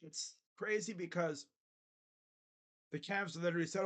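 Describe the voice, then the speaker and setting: A young man hosting a casual live basketball reaction, joking bluntly and crudely with sudden loud bursts. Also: sits high, lively intonation, a little slow. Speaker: sports channel host. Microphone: webcam setup.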